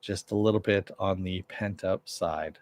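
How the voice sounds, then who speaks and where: Low-voiced man recapping a TV episode. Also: steady tone, unhurried, darkish tone. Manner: conversational, with frequent filler. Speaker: TV show reviewer.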